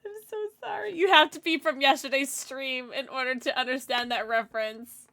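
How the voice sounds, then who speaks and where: A woman streaming a video game who chats casually with her viewers, giggly, loud and excitable, and high on edibles. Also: normal speed, gravelly, slight background noise. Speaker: streamer and voice actor. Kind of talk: casual game livestream chat.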